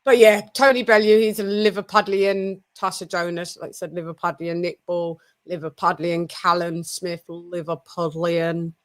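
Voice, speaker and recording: A woman's voice: lowish voice, fairly even intonation, normal speed, hardly any pauses. A British woman hosting a casual online show, chatty, laughing and loose with her words. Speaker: host. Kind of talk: casual chat.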